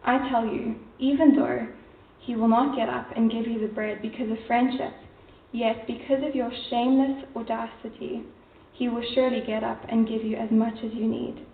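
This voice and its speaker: A woman reading a scripture passage from a distance in a church, with a steady, even delivery. Her voice is flat in pitch, slightly gravelly, and roomy with echo. The sound is thin and tinny, like a phone line. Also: moderate pace, a little hiss or hum. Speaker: scripture reader.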